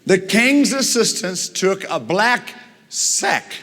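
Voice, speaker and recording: A man preaching a storytelling sermon, retelling a Bible story in an animated way with frequent chuckles. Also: sits high, slow, big-room sound.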